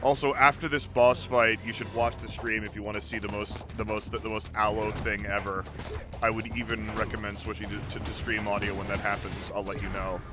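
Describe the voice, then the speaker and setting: A man's voice: lowish voice, flat delivery, fairly quick. A man streaming a video game, chatting casually and rambling, often repeating words. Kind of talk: casual chat while gaming. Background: game music.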